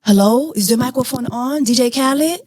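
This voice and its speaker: A woman hosting a podcast, talking through celebrity news in an animated, blunt, profane way. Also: a little high, moderate pace. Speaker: podcast host. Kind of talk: casual celebrity news chat.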